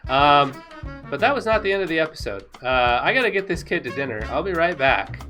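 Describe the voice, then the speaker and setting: Excitable woman narrating her gameplay. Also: deep voice, a little fast, soft background music. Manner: excitable, laughs often, rambling. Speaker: gaming video creator. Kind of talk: casual commentary over gameplay footage.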